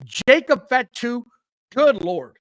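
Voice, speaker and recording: A man's voice: extremely high pitch, takes it slowly, dry recording, low-quality recording. A man co-hosting a casual wrestling podcast, blunt and profane, telling match stories with lots of energy. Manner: profane, blunt, animated storytelling. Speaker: podcast co-host.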